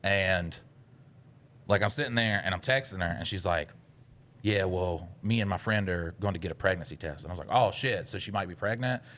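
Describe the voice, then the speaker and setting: His voice sits low and he talks fairly quickly as a podcast co-host telling a story in casual conversation. He curses heavily and switches to loud voices to quote himself.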